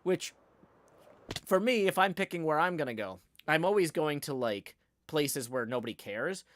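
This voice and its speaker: A man's voice: on the high side, animated, moderate pace, fairly bright tone, dry recording, clean studio sound. A man, likely in his forties, hosting a live stream in casual, rambling chat full of fillers and easy laughs. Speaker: livestream host. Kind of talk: casual chat while building.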